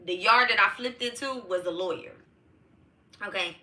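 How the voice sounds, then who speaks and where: Bright-voiced profane woman from Detroit. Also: mid-range voice, normal speed. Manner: emphatic, profane, addresses listeners as y'all. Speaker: host of a live tarot show. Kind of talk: casual storytelling to a live audience.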